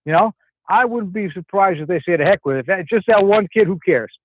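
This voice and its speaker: A man's voice: sits high, a little fast, dry recording. A man from Connecticut calling in to a talk show, telling a story in a rambling way with many restarts. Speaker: caller. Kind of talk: casual phone-in chat. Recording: tinny phone line.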